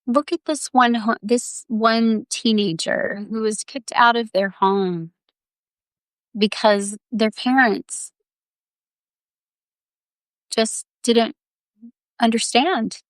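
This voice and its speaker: Woman healer, guided visualization, soothing, slow, gravelly voice. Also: fairly high pitch, steady tone, no echo. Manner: slow, soothing, repeatedly says "honey". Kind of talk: guided visualization on a live video.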